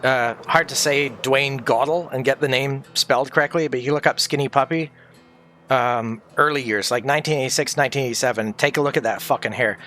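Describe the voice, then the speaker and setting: A man's voice: medium pitch, brisk, sharp tone, faint music behind. A man streaming from home, grieving, talking candidly in a rambling, sweary way. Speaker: livestreamer. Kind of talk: casual livestream chat.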